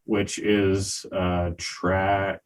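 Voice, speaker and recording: Slow, low-voiced older man musing. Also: little pitch movement, clear, resonant tone, poor audio. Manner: slow, hesitant, many ums and uhs. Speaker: podcast co-host reviewing albums. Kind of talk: casual chat.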